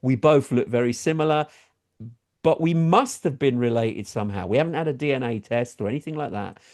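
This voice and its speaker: Speaking briskly in a slightly mellow tone, a middle-aged English co-host of a talk show tells a story in casual chat and imitates quoted people with high voices.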